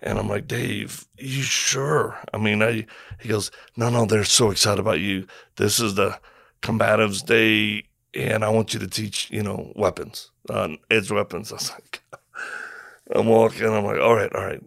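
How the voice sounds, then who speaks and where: Gravelly-voiced man telling war stories. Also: on the low side, normal speed, dry recording, studio quality. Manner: animated storyteller, acts out quotes and sound effects. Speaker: former Marine telling stories. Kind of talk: casual storytelling conversation.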